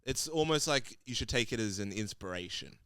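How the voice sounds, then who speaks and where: A young man talking things through on a casual podcast. He reasons with examples in a smooth, clear voice. The recording is dry and close. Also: mid-range voice, expressive, fairly quick, a bit bright, no room sound. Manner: reflective, explains with examples. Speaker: podcast co-host. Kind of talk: casual chat.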